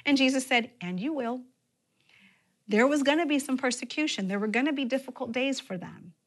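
A woman pastor preaching a sermon, with expressive emphasis and sudden drops to a near-whisper. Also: sits high, quick pace.

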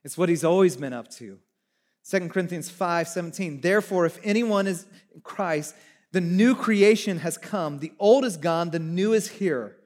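A man preaching a sermon as pastor, animated, swinging from hushed lines to near shouting. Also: high-pitched, moderate pace.

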